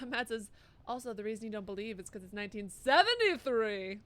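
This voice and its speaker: A woman's voice: a little high, lively intonation, a little fast, fairly bright tone. A young woman streaming a game live, chatting casually and cursing as she reads viewer messages aloud. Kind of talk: live gameplay commentary.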